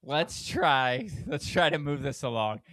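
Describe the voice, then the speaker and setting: A man's voice: on the high side, very animated, measured pace, noisy background. A man co-hosting a podcast who teases his partner, laughs often and keeps the talk moving. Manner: teasing, laughs often, steers the talk along. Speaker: podcast co-host. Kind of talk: casual chat.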